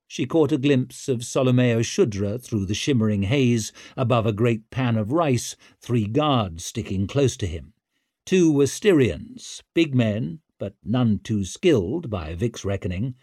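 A man reading a fantasy novel aloud in a vivid, expressive storytelling manner. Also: mid-range voice, a little slow, husky, no echo, clean studio sound. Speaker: audiobook narrator. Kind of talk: scripted fantasy narration.

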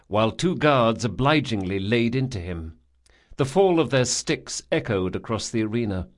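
A man narrating a fantasy audiobook in a measured, grave storytelling manner. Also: mid-range voice.

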